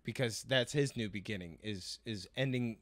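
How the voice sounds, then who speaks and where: A man's voice: lowish voice, moderate pace, no room sound. A man co-hosting a podcast in casual chat, rambling and joking. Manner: rambling, jokey, full of fillers. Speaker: podcast co-host.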